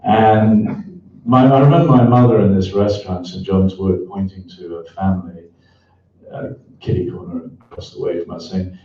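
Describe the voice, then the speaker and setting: A middle-aged man, speaking as an author in a reflective interview, frank and thoughtful with many pauses and restarts. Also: sits low, steady tone, slight background noise. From England. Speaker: author and columnist. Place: event hall before an audience. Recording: echoey, distant, dull event recording.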